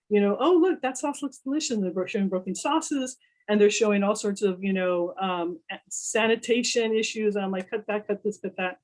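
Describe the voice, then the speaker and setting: A woman's voice: medium pitch, poor audio. A woman who works in food, casually telling a story about her work, acting out the people she quotes and filling her talk with "you know.". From Texas. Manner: animated, acts out quoted dialogue, many "you know" fillers. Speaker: culinary professional, panel speaker.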